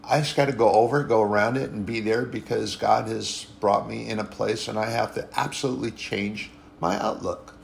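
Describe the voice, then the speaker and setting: A man preaching a sermon in a conversational way, repeating phrases for emphasis and pausing to correct himself. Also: lowish voice, fairly even intonation, vocal fry, slight background noise. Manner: conversational, repetitive and emphatic, with frequent restarts and apologies.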